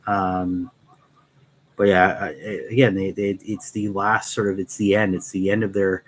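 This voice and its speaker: A man's voice: low voice, flat delivery, a little slow, a little hiss or hum, low-quality recording. A man hosting a Q&A, casually rambling through stories with many restarts. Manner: rambling, full of fillers and restarts. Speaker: host of a Q&A channel.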